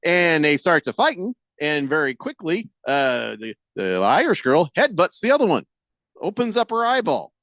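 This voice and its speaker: A man with a slightly high voice speaks at a moderate pace in a dry recording. He hosts a sports radio show, chatting casually, reading listener texts, and launching into animated, exasperated rants full of mock-quoted voices.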